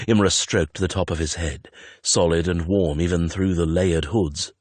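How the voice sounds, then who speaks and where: A man's voice: sits low, fairly even intonation, normal speed, darkish tone, no echo. A man reading a romance audiobook in a tense, dramatic narration on a close studio mic. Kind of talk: scripted narration.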